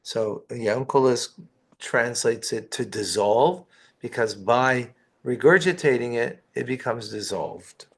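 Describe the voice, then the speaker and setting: Speaking slowly in a husky, mid-range voice, a rabbi teaches Torah through close reading. Each Hebrew phrase is read aloud and then explained in English, accompanied by asides and rhetorical questions.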